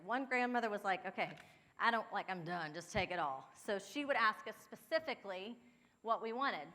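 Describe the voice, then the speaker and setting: She's a downsizing and home organizing expert from Ohio, USA, in her forties, with a fairly high, sharp-toned voice that carries a big-room sound. Her workshop talk is chatty and personal, peppered with laughter and aimed directly at the audience.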